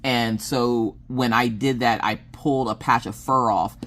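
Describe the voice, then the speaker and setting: A woman chatting casually on her craft channel, telling animated stories and laughing as she goes. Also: measured pace. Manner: animated, acts out quoted dialogue with big pitch jumps. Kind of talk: casual chat storytelling.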